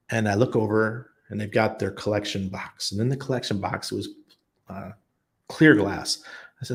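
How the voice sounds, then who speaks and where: A middle-aged man hosting a livestream, answering viewers with blunt, emphatic opinions. His voice is low and gravelly, with plenty of fry at the ends of phrases. He tells stories animatedly and pushes his points hard. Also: fairly even intonation, normal speed. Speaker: crypto channel host.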